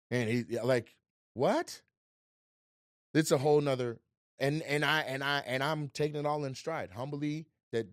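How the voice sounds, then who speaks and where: A man in casual podcast conversation, telling animated stories, cursing freely and acting out quotes with big jumps in his voice. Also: medium pitch, no echo, studio quality. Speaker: guest comedian.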